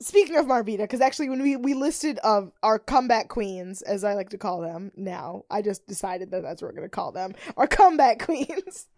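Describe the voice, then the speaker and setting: Young woman co-host, animated ranter, lively pitch, dry close mic. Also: fairly quick, hardly any pauses, no room sound. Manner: animated, ranting, acts out quotes. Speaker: podcast co-host. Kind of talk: casual recap chat.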